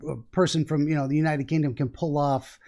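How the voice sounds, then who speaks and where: A man's voice: on the high side, level tone, fast, a little mellow. A middle-aged man hosting a podcast, rambling casually and laughing often. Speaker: podcast host. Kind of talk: casual conversation.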